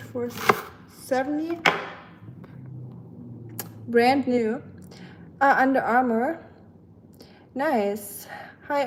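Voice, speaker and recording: A young German livestream host with a German accent chats casually with her viewers, rambling a little and teasing herself. Her voice is slightly high, and there's noise in the background.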